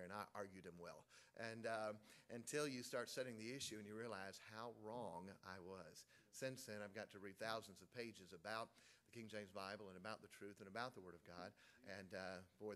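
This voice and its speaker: A man's voice: lowish voice, a bit bright. Man preaching with call-and-response. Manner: fillers and emphatic rhetorical questions. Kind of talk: sermon. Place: church.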